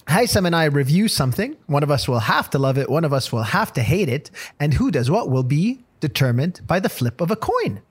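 Man with a high voice, hosting a joking podcast and laughing easily. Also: sing-song, breathy edge. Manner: laughs often, reads synopsis in quick bursts. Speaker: podcast host. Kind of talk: casual comedic chat.

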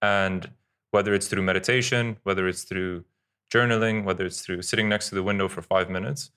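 Low-voiced man hosting a podcast. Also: fairly even intonation, a little fast, pushed and bright, smooth. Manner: thoughtful, asks probing follow-up questions. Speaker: podcast host. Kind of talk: podcast interview.

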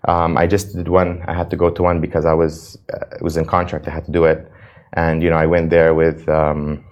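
A young man from the United States speaks in a very low voice. He answers interview questions earnestly and with emotion, often stumbling over and repeating words. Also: monotone, fairly quick, a little mellow, highs cut off. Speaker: reality show cast member, guest.

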